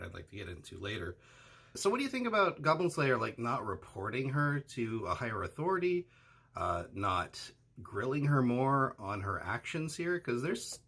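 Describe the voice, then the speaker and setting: Male co-host, gravelly and husky, lowish voice, casual questioning chat. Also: bright, forceful tone. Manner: asks questions, hedging with fillers like "uh" and "you know". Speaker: anime discussion co-host. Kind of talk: casual analytical discussion.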